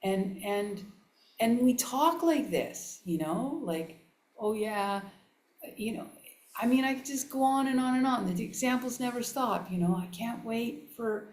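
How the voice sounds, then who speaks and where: A woman giving a relaxed, chatty dharma talk to a live audience, laughing often and restarting her sentences. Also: a little high, normal speed. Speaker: Buddhist nun teacher. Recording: echoey room.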